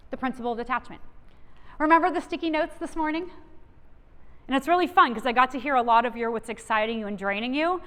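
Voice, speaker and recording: Woman on stage doing a motivational keynote, pretty high voice, lots of reverb from a big hall. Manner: energetic, coaching the audience directly. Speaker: keynote speaker. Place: large event hall. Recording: long reverb of a large hall.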